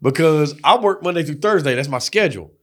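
A young adult man co-hosting a podcast, telling crude work stories in a profane, animated way and acting out the quotes. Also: a little high, brisk. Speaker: podcast co-host. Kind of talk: casual crude banter.

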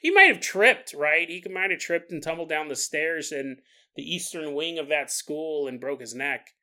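Brief: bright-toned male podcast host, loose comedic storytelling, laughs a lot. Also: fairly high pitch, moderate pace. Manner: animated, joking, laughs often.

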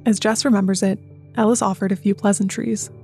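A woman narrating a scripted sports documentary with an even, measured delivery. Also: mid-range voice, soft background music. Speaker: narrator and interviewer.

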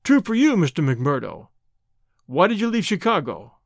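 A domineering gang boss fires off hard, probing questions and blusters with menace, voiced by a male audiobook narrator. The voice sits higher than usual and swings widely in pitch, and the sound is dry and close. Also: wildly swooping pitch, moderate pace, gravelly, dry recording, heavily acted. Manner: blustering, interrogating. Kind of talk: audiobook character reading.

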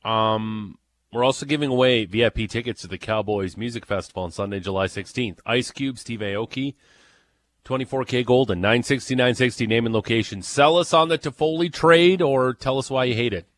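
A man hosting a sports radio show in a studio, brisk and joking with his guests. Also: mid-range voice, fairly bright tone, dry recording. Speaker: radio host.

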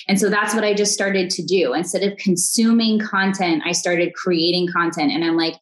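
A woman in her thirties speaks as an interview guest, her voice sitting on the low side. She talks in an earnest, upbeat way, circling back and restarting her thoughts as she goes. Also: fairly even intonation, moderate pace, few pauses, rough recording. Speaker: podcast guest. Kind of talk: conversational interview.

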